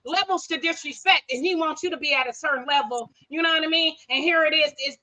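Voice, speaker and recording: Very high bright-voiced lady hosting a stream, blunt and emphatic. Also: fast, rough recording. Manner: emphatic, blunt, backs up the guest. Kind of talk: casual live-stream chat.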